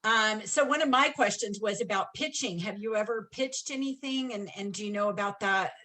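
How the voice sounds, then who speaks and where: A woman's voice: medium pitch, moderate pace, bright, forceful tone, rough recording. A woman taking part in a workshop, asking questions in a chatty, rambling, self-deprecating way on a video call.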